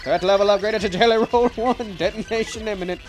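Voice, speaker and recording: A man's voice: high voice, brisk, voice pushed up, natural voice, poor audio. A man voicing a stern, formal robotic dragon guardian in a video game, announcing like a computer. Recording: game music behind.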